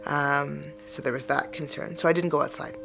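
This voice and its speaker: A woman telling her story as a mother in a documentary, halting and plain. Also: low-pitched, gravelly, over music. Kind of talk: documentary testimony.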